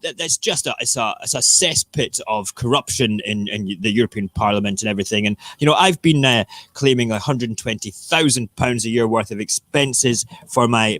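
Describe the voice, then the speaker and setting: A man's voice: medium pitch, a bit bright, no echo, close to an everyday voice. Man's impression of a smug, boastful politician; a bit raised and pushy, dry sound. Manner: self-important bragging. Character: pompous boastful male politician.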